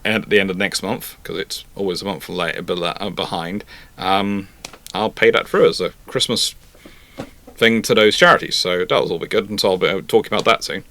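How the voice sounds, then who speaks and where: A man's voice: low-pitched, brisk, fairly bright tone. A man hosting a history channel, chatting casually and correcting himself as he reads out viewer comments. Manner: rambling, self-correcting, chatty.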